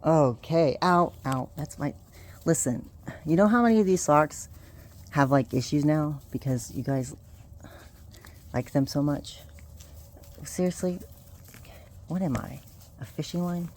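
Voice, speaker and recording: Low-voiced woman herding puppies. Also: unhurried, pauses often, a little mellow. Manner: coaxing and scolding puppies, often laughing and sighing. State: winded. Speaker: dog breeder filming her puppies. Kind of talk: casual vlog narration. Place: home and backyard, indoors and outdoors. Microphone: handheld video camera.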